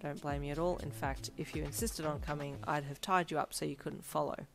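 A woman reading the lines of a dry, monotone male assistant in a fanfiction story. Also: low voice, fairly quick, vocal fry, music in the background. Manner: deadpan, monotone.

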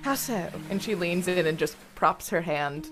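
A woman's voice: on the low side, steady tone, normal speed, fairly bright tone, faint music behind. A woman player describing her character's actions in a tabletop game, giggly and descriptive. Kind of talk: tabletop role-play narration.

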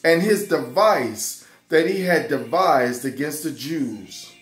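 A man teaching an excited Bible lesson to children, fervent and repeating his phrases. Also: a little high, slow, reverberant, faint music behind. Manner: fervent, repeats phrases, keeps saying "watch this" and "y'all".

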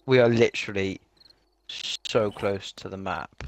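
A man's voice: lowish voice, unhurried, a little hiss or hum, low-quality recording. A man chatting with a friend while gaming, laid-back and telling silly jokes, on a headset mic. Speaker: let's play co-host. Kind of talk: casual gaming banter.

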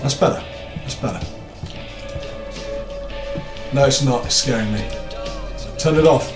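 A man's voice: mid-range voice, expressive, a little slow, roomy sound, music in the background. A British man commentating a horror game, nervous and jokey, swearing a lot and screaming in fright. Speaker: gaming YouTuber.

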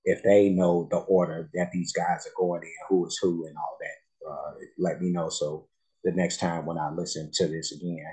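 A man with a very low voice talks casually as a music reaction host. His delivery is soft-spoken and halting, as if he is thinking out loud between plays of the track. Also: level tone, low-quality recording.

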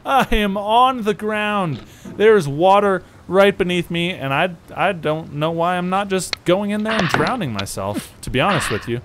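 A man doing let's play commentary, exaggerated and sarcastic, breaking into loud yells. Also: sits high, lively intonation, unhurried, slight background noise. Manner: exaggerated, sarcastic, bursts into yelling. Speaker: gaming YouTuber.

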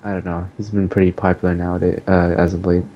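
A man's voice: deep voice, flat delivery, quick pace, highs cut off, a little hiss or hum. A man co-hosting a casual gaming podcast in an easygoing way, laughing often and trailing off mid-thought. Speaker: podcast co-host.

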